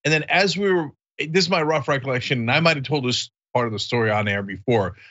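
A man hosting a loose podcast chat, telling anecdotes in a bright voice and laughing often as he slips into the voices of the people he met. His audio comes over a remote call and sounds a bit dull and lo-fi. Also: mid-range voice, quick pace, husky. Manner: chatty, laughs often, acts out quoted voices. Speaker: host.

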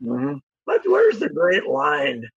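A man's voice: on the high side, wildly swooping pitch, slow, vocal fry, slightly rough, no echo. A man chatting casually about sports as a guest, rambling and chuckling through stories. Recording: muffled lo-fi line.

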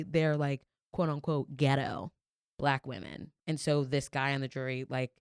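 Young woman chatting on a podcast, smooth voice, dry close sound, lots of "like"s. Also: deep voice, no room sound. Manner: animated storyteller, lots of "like" fillers, swears freely. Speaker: podcast guest. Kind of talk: casual podcast chat.

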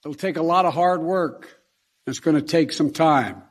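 Male politician, formal speech, measured, grave, slightly high voice.

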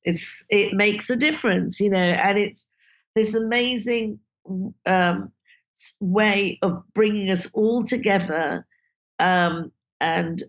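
A woman's voice: medium pitch, takes it slowly. A woman film director, talking casually and emotionally in an interview, full of "you know" fillers. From Britain. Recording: dull lo-fi sound.

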